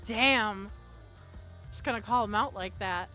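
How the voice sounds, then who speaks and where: Woman game master, narrating a tabletop game, slow pace, bright tone, playful. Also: medium pitch, soft background music. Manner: playful, laughs often, swears in mock outrage.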